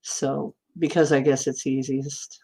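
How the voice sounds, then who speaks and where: Low-voiced Midwestern woman livestreamer. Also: unhurried. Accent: flat Midwestern American, announcer style. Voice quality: radio-trained announcer delivery. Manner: chatty and warm toward viewers, laughs often. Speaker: host of a spiritual livestream. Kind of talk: casual livestream chat reading viewer comments.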